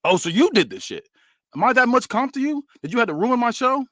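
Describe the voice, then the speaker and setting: A man's voice: very high-pitched, big pitch swings, quick pace, bright, forceful tone, no room sound, pitched above the performer's own voice, full character voice. A proud, irritated company owner who stands his ground and swears, as a man reads him out. The delivery rises and falls widely, and the sound is dry and close. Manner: indignant, firm, cursing. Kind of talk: read-aloud fantasy wrestling booking.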